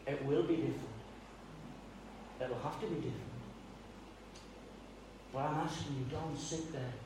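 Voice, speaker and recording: Older male pastor, lively sermon storyteller; distant mic, very echoey church. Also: on the high side, normal speed, background noise. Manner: animated storytelling, asks the congregation questions. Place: church hall.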